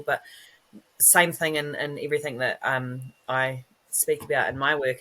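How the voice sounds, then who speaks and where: A woman's voice: low-pitched, a bit bright, poor audio. A woman in her thirties hosting a podcast interview, chatty and affirming as she reflects. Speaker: podcast host. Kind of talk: casual interview chat.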